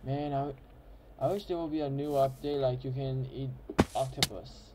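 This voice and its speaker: A man's voice: medium pitch, steady tone, normal speed, background noise. A man giving casual, rambling game commentary as host, often correcting himself mid-sentence. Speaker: gameplay host.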